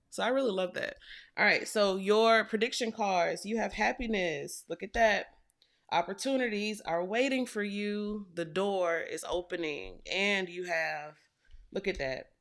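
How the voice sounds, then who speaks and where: A woman's voice: medium pitch, a little slow, fairly bright tone. A woman doing a casual tarot reading for viewers, chatty and affectionate, repeating phrases for emphasis. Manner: chatty and affectionate, addresses viewers as y'all and baby. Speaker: tarot reader.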